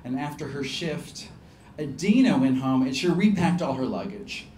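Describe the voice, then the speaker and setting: Animated Southern man telling a story live. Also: a little high, normal speed, slight background noise. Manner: animated and comic, laughing through lines. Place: live storytelling show venue. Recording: echoey hall with faint ambience.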